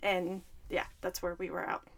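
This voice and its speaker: A woman's voice: on the low side, little pitch movement, normal speed, creaky. A young adult woman co-hosting a podcast in casual chat, rambling and correcting herself as she goes. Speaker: podcast co-host.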